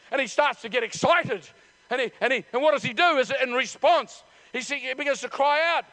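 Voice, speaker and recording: A middle-aged preacher with a very high voice for a man. He tells the story with many stops and restarts and acts out the voices. His sermon builds into loud, desperate shouts. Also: normal speed. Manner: animated storytelling, acting out voices. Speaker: pastor.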